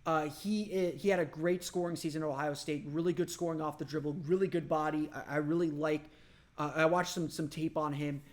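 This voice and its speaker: A man's voice: fairly high pitch, fairly even intonation, fairly quick. A man from Orlando hosting a solo sports podcast, thinking aloud in a loose, conversational way. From Orlando, Florida. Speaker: podcast host.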